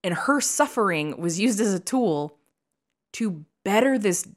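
A woman's voice: medium pitch, lively intonation, unhurried. A young woman co-hosting a podcast, talking in an emphatic, opinionated, chatty way. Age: young adult. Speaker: podcast co-host. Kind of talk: casual chat.

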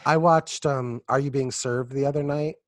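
A man's voice: mid-range voice, fairly even intonation, moderate pace, no echo, clean studio sound. A man co-hosting a podcast, trading wry, sarcastic remarks in casual banter and swearing freely. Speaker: podcast co-host.

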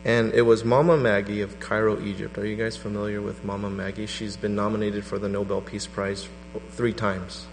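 A middle-aged man preaching a sermon to a congregation, telling a personal story with animated energy. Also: normal speed, gravelly. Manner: animated storytelling, voice rising to a high pitch in quoted prayers. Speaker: pastor. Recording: reverberant hall with mains hum.

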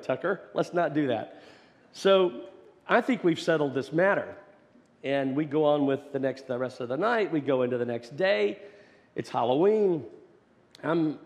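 A man preaching a sermon as pastor, telling a family story and swinging from loud, animated passages to hushed, gentle ones. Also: fairly high pitch. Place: church sanctuary. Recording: long hall reverb.

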